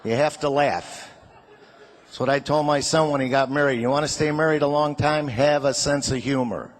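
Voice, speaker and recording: A man's voice: on the high side, fairly even intonation, moderate pace. Older man telling jokes on stage. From Chicago. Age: 60s. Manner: jokey, folksy, chatty with the crowd. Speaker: comedian and singer. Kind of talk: stand-up comedy set.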